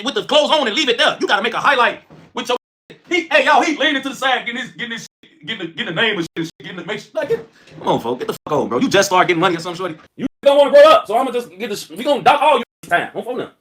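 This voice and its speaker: Fast, high-energy streamer man. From Chicago. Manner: loud, excitable, trash-talking, heavy slang. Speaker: livestream host. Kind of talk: casual livestream storytelling.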